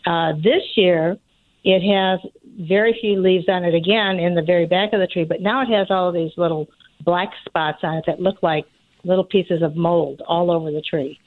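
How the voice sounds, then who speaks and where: A woman calling into a radio show, talking in a hesitant, halting way with fillers. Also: lowish voice, fairly even intonation, no echo. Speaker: caller. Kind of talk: phone-in question. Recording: tinny dry phone line.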